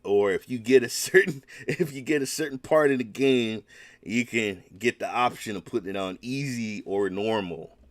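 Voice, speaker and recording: Man, solo gaming podcast host, rambling, emphatic, middle pitch, dry close sound. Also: moderate pace, dry recording. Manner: rambling, emphatic, many restarts. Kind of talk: casual solo podcast talk.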